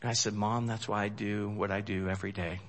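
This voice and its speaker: A man preaching a sermon in a folksy, joking way, swinging from loud emphasis to hushed storytelling. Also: fairly low pitch, little pitch movement, brisk. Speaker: pastor.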